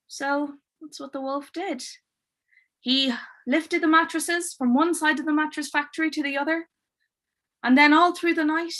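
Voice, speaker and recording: Bright, playful woman telling a story. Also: sits high. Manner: playful, expressive, dry wit. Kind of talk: oral storytelling.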